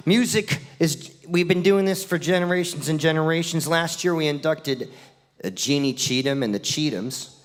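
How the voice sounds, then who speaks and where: A man introducing a speaker at an awards ceremony with lively, animated storytelling. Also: fairly high pitch, moderate pace. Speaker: ceremony emcee.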